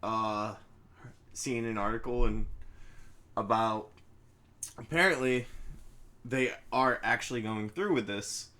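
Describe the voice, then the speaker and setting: A man co-hosting a podcast in casual chat, laid-back and quick to laugh. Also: mid-range voice, sharp tone. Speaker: podcast co-host.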